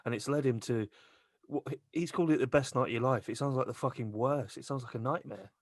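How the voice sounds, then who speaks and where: A man's voice: mid-range voice, quick pace, no room sound. A man co-hosting a podcast, asking questions and making wry, swearing remarks in casual chat. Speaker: podcast co-host.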